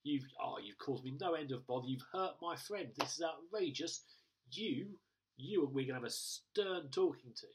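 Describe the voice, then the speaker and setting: A preacher putting on an indignant, scolding Jesus. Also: male voice, a little high, animated, moderate pace, a little hiss or hum, voice pushed up, natural voice. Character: exasperated male Jesus scolding sternly.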